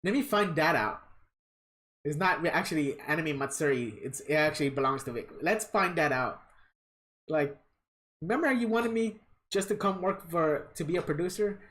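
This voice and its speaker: A woman's voice: low voice, lively intonation, normal speed. A woman livestreaming a fighting game, ranting bluntly and swearing while she plays. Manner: blunt, profane, laughs at her own rants. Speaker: gaming livestreamer. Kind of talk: casual commentary while playing a fighting game.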